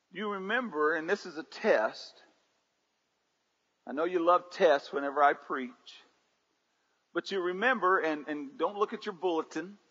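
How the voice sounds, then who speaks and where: A man's voice: high voice, pushed and bright. A pastor preaching a sermon, calling on his congregation to answer him back and rising and falling in intensity. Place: church sanctuary. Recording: dull livestream audio in a reverberant sanctuary.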